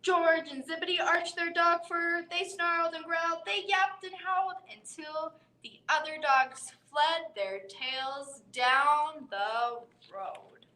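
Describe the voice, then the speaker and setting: A woman reads a children's bedtime story in a high, bright voice, unhurried and expressive. She drops in playful animal noises as she goes. Her voice rings in a roomy library space. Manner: expressive, voicing animal sounds. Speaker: children's librarian reading aloud. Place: library room.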